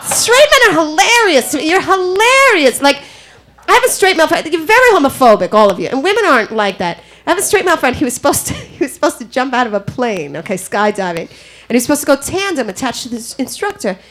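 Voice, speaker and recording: A woman doing a brash, profane stand-up comedy set at a comedy club, animated throughout, in a live club recording with audience noise. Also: high voice, quick pace. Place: New York comedy club.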